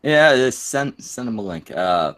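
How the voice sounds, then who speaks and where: Rambling French Canadian stream host. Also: male voice, medium pitch, very animated, measured pace, fairly bright tone. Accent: Quebec French Canadian. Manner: rambling, full of fillers and restarts. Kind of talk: casual crude banter.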